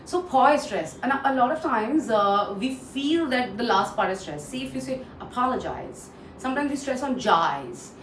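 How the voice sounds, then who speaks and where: A woman trainer walks through word pronunciations and repeats each one for drill. She pauses often with "uh". Her voice sits slightly off-mic in a roomy space with a faint hiss behind it. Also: fairly high pitch, animated, recorded from a distance. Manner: frequent "uh" fillers. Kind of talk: online pronunciation lesson.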